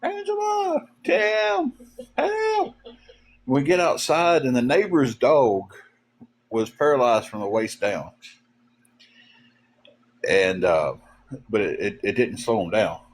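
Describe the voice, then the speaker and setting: Man, low-pitched, rambling casual livestream host. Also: breathy edge. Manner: rambling, halting, many fillers. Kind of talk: casual storytelling chat.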